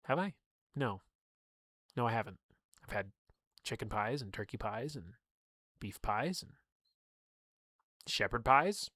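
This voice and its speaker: A man's voice: medium pitch, animated, unhurried, pauses often, pushed and bright, no room sound, studio quality. A young man casually reading through a game book on a livestream, breaking off for chatty asides and laughs.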